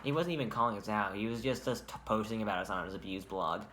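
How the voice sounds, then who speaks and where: Bright-toned partner chiming into a story. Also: mid-range voice, fast, a little hiss or hum. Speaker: co-host, partner. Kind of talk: casual storytime chat.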